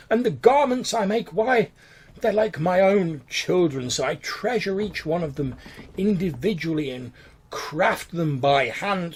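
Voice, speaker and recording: A man doing a fawning, pompous tailor with a high, gravelly voice. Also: full character voice. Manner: obsequious, flowery and high-pitched.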